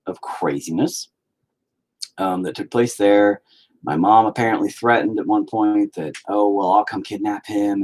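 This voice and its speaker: Man, painting streamer, loose rambling chat, cusses a lot, pitch jumps all over. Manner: profane, rambling, animated. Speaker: painting livestreamer.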